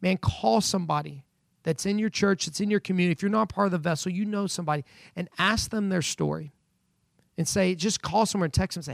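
Gravelly-voiced man preaching a sermon. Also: sits high, fairly quick, no room sound. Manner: earnest, building emphasis on scripture quotes. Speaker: pastor. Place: at home during quarantine.

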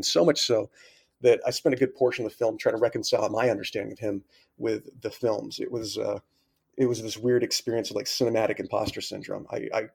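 A man co-hosting a podcast in casual discussion, speaking in a dry, wry and measured way. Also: lowish voice, vocal fry, darkish tone, breathy edge. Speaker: podcast co-host.

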